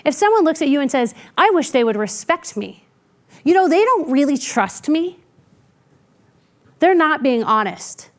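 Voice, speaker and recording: A woman speaking as a keynote speaker, telling workplace stories conversationally and acting out what people said in quieter voices. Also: high voice, unhurried, pauses often. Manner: lively, acts out quoted people in quieter voices; conversational with frequent "like" and "right?". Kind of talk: keynote storytelling.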